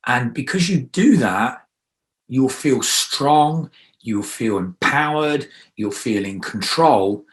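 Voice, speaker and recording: Energetic male coach, emphatic, mid-pitched voice, leads call-and-response affirmations. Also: takes it slowly. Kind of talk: guided affirmation exercise.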